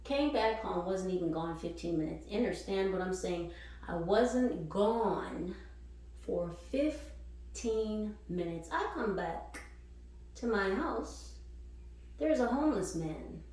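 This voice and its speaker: A woman hosting a spiritual channel, telling a story in casual, animated, swearing talk and laughing often. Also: mid-range voice. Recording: echoey room, voice far from mic.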